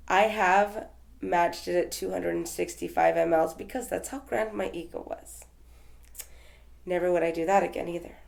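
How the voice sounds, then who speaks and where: A woman's voice: lowish voice, vocal fry, a little mellow. A woman from Texas telling her story as an interview guest, in a rambling, conversational way with fillers and restarts. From Texas, USA.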